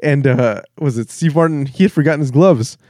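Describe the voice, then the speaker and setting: A man's voice: medium pitch, fairly quick, darkish tone, no echo, clean studio sound. A young man co-hosting a podcast who fills in plot details of a movie and laughs often. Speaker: podcast co-host. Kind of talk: casual movie recap chat.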